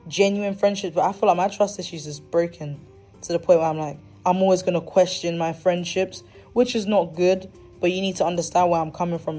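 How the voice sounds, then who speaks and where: In a low, dark voice, a young female podcast host talks frankly and energetically on her own. Her casual monologue is sprinkled with slang and dramatic asides.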